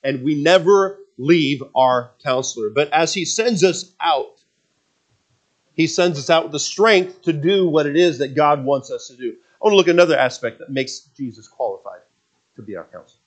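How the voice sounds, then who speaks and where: A man delivering a sermon from the pulpit, his voice sitting a little higher than most men's. He preaches earnestly, building to fervent passages and dropping into relaxed, self-deprecating asides, and he leads the congregation in reading scripture aloud. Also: normal speed. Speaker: pastor.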